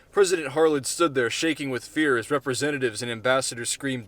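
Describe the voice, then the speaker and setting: A man reading his own short story aloud in a deadpan way, with casual, offhand asides. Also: mid-range voice, brisk, few pauses, dry recording.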